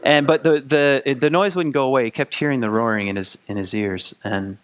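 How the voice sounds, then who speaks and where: A man's voice: medium pitch, fairly even intonation, a little fast. A man hosting a spiritual podcast, retelling a folktale in a casual, rambling way full of fillers and restarts. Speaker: podcast host. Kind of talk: spoken storytelling of a folktale.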